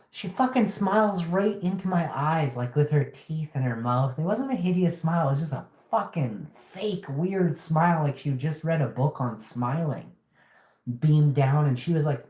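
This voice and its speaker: A man hosting a casual vlog tells rambling, animated stories packed with swearing. His voice is a little high at normal speed, and the sound is roomy.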